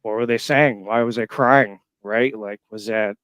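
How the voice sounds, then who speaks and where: A man in his thirties from Florida, calling in to a show and haltingly telling a personal story full of fillers. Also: fairly low pitch, steady tone, a bit bright, smooth, no echo. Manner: halting, emotional, many fillers. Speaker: caller. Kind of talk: casual storytelling. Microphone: call-in line.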